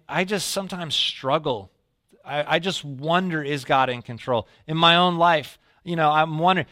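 A man giving a sermon in a relaxed storytelling way, his voice bright and forward. He sometimes sinks low and soft to act out his own reactions. The sound is close and dry, with no room echo. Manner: storytelling, drops to a low quiet voice when quoting himself. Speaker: pastor.

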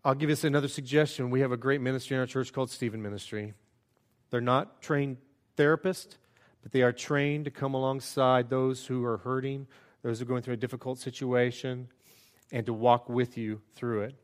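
A man's voice: medium pitch, steady tone, fairly quick. A man preaching a sermon as a pastor, earnest and conversational, with self-deprecating asides.

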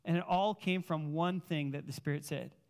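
A man preaching a sermon as a pastor tells personal stories in an animated, casual manner, using plenty of filler words. His voice is fairly high-pitched and gravelly, at normal speed.

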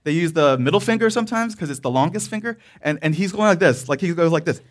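Preaching through a loose personal story, this male pastor speaks fast in a somewhat high, expressive voice. He rambles, restarts sentences and laughs along the way.

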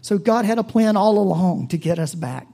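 A man preaching a sermon with an American accent, earnest and full of rhetorical questions, rising loud and then dropping to a hush. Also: high-pitched, animated, normal speed, gravelly. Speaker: pastor.

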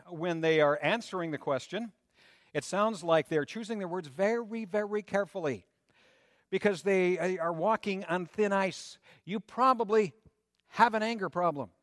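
Pastor type, male, lively sermon delivery with rhetorical questions; close, dry recording. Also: high-pitched, no echo. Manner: animated preaching with rising emphasis and rhetorical questions.

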